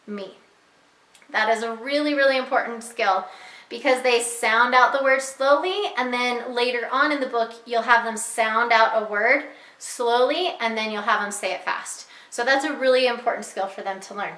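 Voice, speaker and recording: A young woman teacher walking parents through a reading lesson, talking clearly and patiently and slowing down to model sounds. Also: on the high side, bright, forceful tone, roomy sound, rough recording. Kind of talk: instructional walkthrough for parents.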